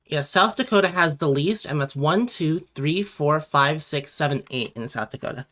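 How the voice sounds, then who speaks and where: Young woman, from Connecticut, rambling stream chatter, answers chat, lowish voice. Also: normal speed, a bit bright. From Connecticut, USA. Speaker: drawing livestreamer. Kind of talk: casual late-night stream chat.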